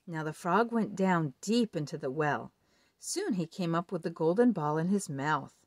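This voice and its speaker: A woman reading a children's picture book aloud in an expressive read-aloud delivery. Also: on the low side, moderate pace, dry recording, studio quality. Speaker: storybook reader.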